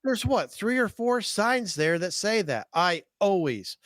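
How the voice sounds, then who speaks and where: A folksy man chats with enthusiasm on a fishing podcast and sometimes repeats himself as he goes. His voice comes across smooth and clear. The sound is dry and close to the mic. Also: sits high, very animated, unhurried, fairly bright tone, no room sound. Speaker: podcast host, fishing guide. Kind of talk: casual podcast chat.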